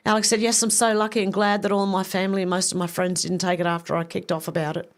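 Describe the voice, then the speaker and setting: A woman hosting a live stream, reading viewer comments aloud and reacting with quick asides. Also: medium pitch, level tone.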